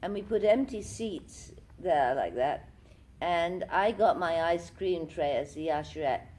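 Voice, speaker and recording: A woman's voice: fairly low pitch, lively intonation, unhurried, a little mellow. An older actress telling theatrical anecdotes in a convention interview, acting out the lines she quotes. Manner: theatrical storyteller who acts out quotes. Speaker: actress guest. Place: convention room.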